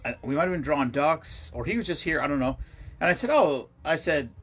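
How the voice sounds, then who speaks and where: A middle-aged man with a husky, slightly high-set voice chats loosely on a livestream. He rambles from story to story and swears offhandedly. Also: animated, fairly quick, faint music behind. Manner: rambling, profane storytelling with laughs. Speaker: livestream host. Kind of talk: casual livestream chat.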